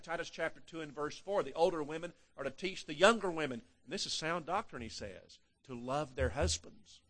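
An older man preaches with a slightly high voice. His delivery is emphatic: it swings between loud, stressed passages and quiet, hushed ones, and he often repeats his words as he builds a point. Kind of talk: sermon.

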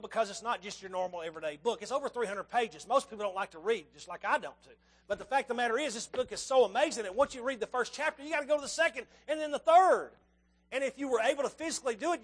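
A man in his fifties preaching a sermon to his congregation, emphatic, with rhetorical questions, swinging between loud and soft. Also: very high-pitched.

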